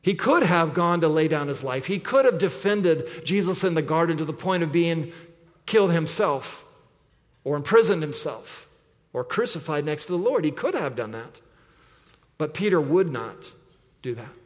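A man's voice: lively intonation, moderate pace. Earnest preaching man in a reverberant hall. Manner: earnest preaching, drops low and quiet for emphasis. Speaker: pastor. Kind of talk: sermon.

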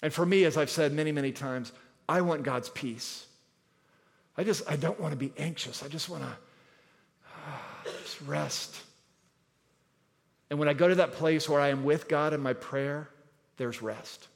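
A man preaching a sermon as pastor, emphatic, repeating key words and moving between loud and soft delivery. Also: fairly high pitch, moderate pace, pauses often. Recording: long hall reverb.

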